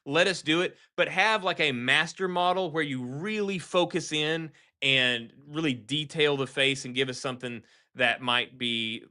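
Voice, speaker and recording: A man co-hosting a casual gaming podcast, talking in an animated, rambling way with many restarts. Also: mid-range voice. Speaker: podcast co-host.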